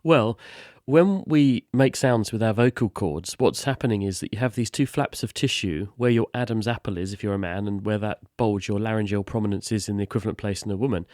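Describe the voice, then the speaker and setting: Hoarse man explaining science. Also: fairly low pitch, a little mellow, no room sound, clean studio sound. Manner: brisk, wry, explanatory. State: hoarse from a cold. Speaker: science guest expert. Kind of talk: radio phone-in explainer. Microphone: remote video call.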